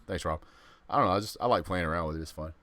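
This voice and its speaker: A very deep-voiced man hosting a live sports stream. He chats in a loose, laid-back way, circling back and restarting his sentences as he goes. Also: very fast, bright, forceful tone, no room sound. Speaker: host of a sports channel. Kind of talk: casual live-stream chat.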